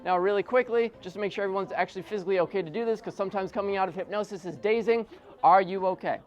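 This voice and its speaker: A man working as a stage hypnotist at a live show, giving rhythmic, repetitive suggestions that sink low and soft, mixed with chatty joking asides to the audience. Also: very fast, muffled recording. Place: corporate event room with an audience. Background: faint audience.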